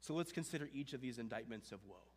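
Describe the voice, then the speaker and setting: A man preaching a sermon, emphatic, with dramatic pauses, reading and listing points, in a church with long reverb. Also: medium pitch, lively intonation. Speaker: pastor.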